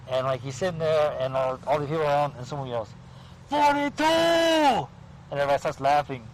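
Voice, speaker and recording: A man's voice: mid-range voice, fairly even intonation, racing, darkish tone, slight background noise, poor audio. A man hosting a late-night horror show, chatting and telling jokes outdoors at a cemetery, laughing at his own punchlines. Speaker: show host. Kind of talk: casual chat.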